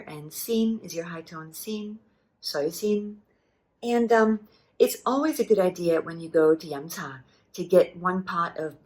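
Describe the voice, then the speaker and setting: A middle-aged woman giving a relaxed spoken language lesson, patiently explaining and repeating words. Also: on the low side, poor audio. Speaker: language teacher.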